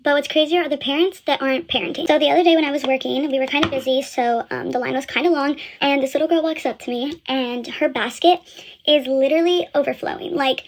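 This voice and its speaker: Speaking fast and high, a young retail worker recounts a story in an offhand, blunt style, leaning on fillers and swearing now and then.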